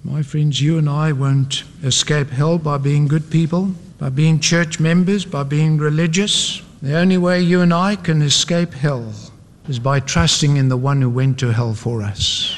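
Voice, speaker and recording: Male preacher, dramatic and emphatic, fairly high voice, long hall reverb. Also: steady tone, unhurried, a little hiss or hum. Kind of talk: evangelistic sermon.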